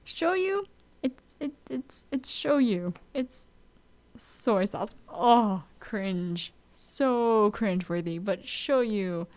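A young woman from Oahu with a Hawaiian accent, chatting casually to camera in an animated, mock-exasperated way. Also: medium pitch, very slow. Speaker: vlogger. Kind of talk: casual chat.

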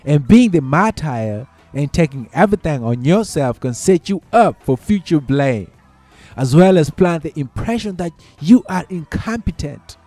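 Male commentator, casual advice talk, a bit high, repeats himself, dry sound with faint music. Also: expressive, a little slow, mellow, no room sound. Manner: repeats points, checks in with the listener; conversational, uses y'all and folks.

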